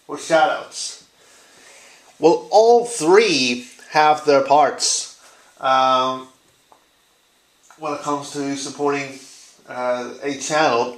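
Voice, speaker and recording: Guy doing a chill youtube tag vlog, kinda high voice, lots of ums, room's super echoey. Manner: chatty and joking, with frequent fillers. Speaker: YouTube gaming channel host. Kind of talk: casual vlog tag response.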